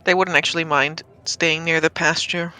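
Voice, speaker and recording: A woman's voice: deep voice, level tone, normal speed, sharp tone, clean tone, soft background music, low-quality recording. A woman acting as dungeon master, narrating a tabletop game in a playful, chatty way. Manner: playful and chatty, often laughing.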